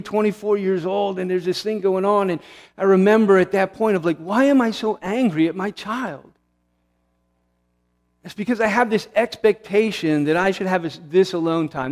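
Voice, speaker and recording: A man's voice: high-pitched, moderate pace, a little mellow. A man in his forties giving an earnest, conversational sermon as a pastor, with restarts and asides. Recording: long hall reverb.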